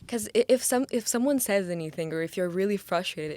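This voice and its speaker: A woman's voice: medium pitch, lively intonation, a little fast, a little mellow, dry recording. A woman podcast host asking a guest questions in a casual, curious way. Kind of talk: casual interview chat.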